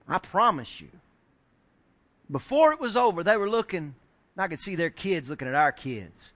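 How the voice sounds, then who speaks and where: A middle-aged man preaching a sermon, telling a story with lively acted-out quotes and building to shouted points. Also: sits high, moderate pace. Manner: animated storyteller acting out quoted voices, rising to shouts. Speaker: pastor.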